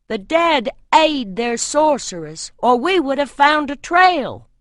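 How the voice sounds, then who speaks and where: A woman voicing an uneasy, superstitious male warrior who speaks loudly and tensely in an audiobook. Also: sits high, big pitch swings, takes it slowly, no echo, studio quality, pitched above the performer's own voice, exaggerated voice.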